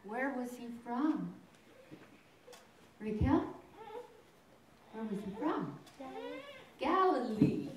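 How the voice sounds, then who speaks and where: An older American woman giving a lively children's sermon in a sing-song storytelling manner, recorded from far off in an echoey hall. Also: fairly high pitch, extremely slow, pauses often, a little hiss or hum. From United States. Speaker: children's teacher at a congregation. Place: large hall of a congregation.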